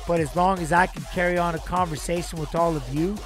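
A man talking casually to his live-stream chat, speaking deliberately and pausing often. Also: a little high, fairly even intonation, faint music behind. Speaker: live streamer reacting to a video.

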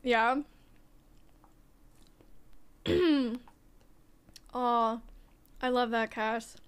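A young woman streaming a game, chatting casually and softly with her viewers in a gushing, sing-song way. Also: a little high, steady tone, drawn-out words, smooth. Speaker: livestreamer. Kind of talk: casual chat with viewers while gaming.

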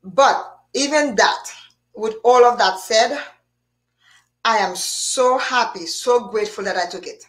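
A woman's voice: a little high, measured pace. A woman hosting a casual live chat, talking freely with frequent restarts and bursts of laughter. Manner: animated, laughing, many restarts. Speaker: show host.

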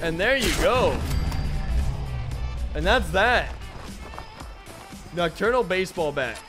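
A young man giving sarcastic, mocking commentary over a video game, with sudden excited outbursts. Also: high-pitched, slow pace. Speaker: gaming YouTuber. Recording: music playing behind voice.

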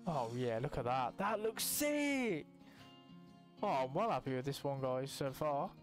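A young man giving casual, excitable gameplay commentary, swearing now and then and jumping into high exclamations. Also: unhurried, faint music behind. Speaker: gaming youtuber.

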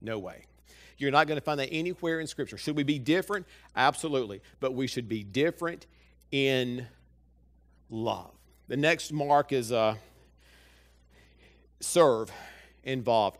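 In a church sanctuary, a male pastor preaches a sermon, addressing the congregation directly and asking one rhetorical question after another. His medium-pitched voice is lively yet unhurried, with frequent pauses.

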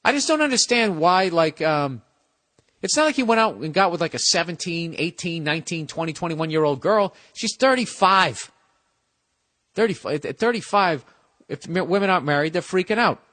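A middle-aged man ranting on his own podcast, his voice sitting a little higher than most men's. He swears constantly and lurches from loud outbursts into low, grumbling mutters. The delivery is loose and conversational. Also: expressive, normal speed. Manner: profane, ranting, swings between shouting and muttering. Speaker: podcast host. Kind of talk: casual comedic podcast rant.

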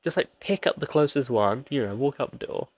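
A man narrates his gameplay with a jokey, pleading tone, talking straight to the characters on screen. His voice sits at an ordinary middle pitch. The sound is dry and close, with no room around it. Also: animated, brisk, dry recording. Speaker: gaming channel host. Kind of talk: let's play commentary.

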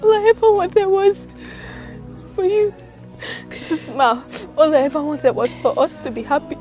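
An actress playing a grieving young woman who cries and speaks through slow sobs. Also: high-pitched, mellow, faint music behind, close to an everyday voice. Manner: sobbing, slow. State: crying. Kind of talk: Nollywood film acting.

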